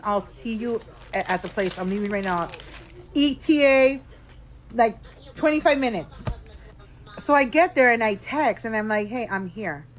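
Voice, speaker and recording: In a quiet hotel room, a slightly tipsy woman vlogger tells a storytime tale straight into her phone camera. Her mid-range voice is frank and chatty, calling viewers "girl" and "y'all," though the audio is poor.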